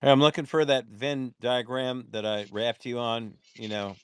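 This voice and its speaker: A man's voice: medium pitch, normal speed, clear, resonant tone, no room sound, clean studio sound. A man rambling and joking in a casual voice chat, with lots of filler words.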